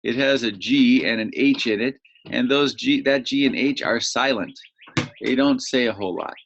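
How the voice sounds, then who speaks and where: A man's voice: mid-range voice, moderate pace, gravelly, a bit bright, a little hiss or hum. A man, teaching young children a vocabulary lesson and patiently repeating each word for them to say back. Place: home near birdsong. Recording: slightly dull, muffled audio.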